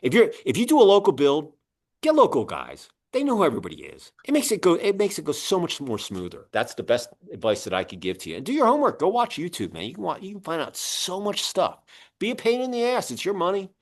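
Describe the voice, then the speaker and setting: A man hosting an interview, chatting casually and telling animated stories. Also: high-pitched, fast talker. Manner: animated storyteller, acts out other people's voices. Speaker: podcast host and publisher.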